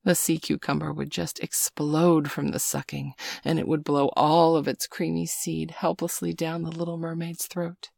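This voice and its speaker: A woman in whispered role-play, speaking slowly and coaxingly with pet names, close to the mic. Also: sits low, level tone, gravelly, darkish tone, slightly rough, no room sound. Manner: slow, coaxing, teasing, full of pet names. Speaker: audio role-play performer.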